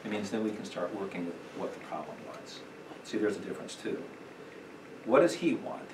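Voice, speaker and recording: A middle-aged man teaching a parenting class at church, talking conversationally with many fillers and acting out quick quotes. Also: on the low side, lively intonation. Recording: echoey room, distant mic, noisy.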